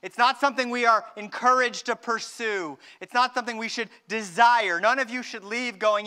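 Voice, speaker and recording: Man, pastor, sermon, very high voice, smooth and clear, animated. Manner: animated, acts out dialogue, slows down for emphasis.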